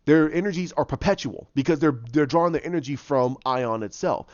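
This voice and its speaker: A man's voice: on the high side, a little fast, dry recording, muffled recording. A man casually retelling his own movie idea, rambling with many restarts and repeated words. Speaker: fan pitching his own movie plot.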